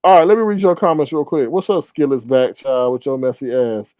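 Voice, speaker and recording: A man in a casual livestream, giving animated, slangy commentary and often mimicking others in high voices. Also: fairly quick, clear, resonant tone, dry recording.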